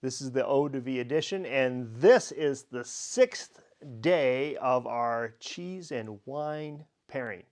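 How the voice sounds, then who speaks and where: Man, middle-aged, from Minnesota, wine educator, casual vlog host, rambling anecdotes, light jokes, medium pitch. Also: animated, takes it slowly, a little mellow. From Minnesota, USA. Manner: chatty, jokey, rambling anecdotes with fillers. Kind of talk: casual tasting vlog with storytelling.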